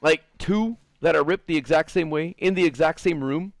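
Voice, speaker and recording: A man's voice: a little high, normal speed, no room sound, studio quality. A young man giving casual let's-play commentary as a gaming streamer, joking, swearing and chatting with his viewers.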